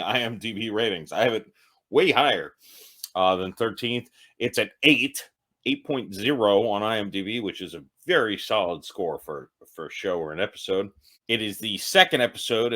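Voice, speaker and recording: This man's mid-range voice has a fairly bright tone. Tipsy, he hosts a comedic show ranking TV episodes, delivering a casual, loose, rambling monologue full of self-mockery.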